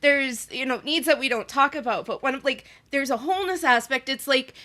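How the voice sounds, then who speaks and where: A woman co-hosting a podcast in casual chat, candid and expressive, swearing freely and laughing as she talks. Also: high-pitched, fairly quick. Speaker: podcast co-host.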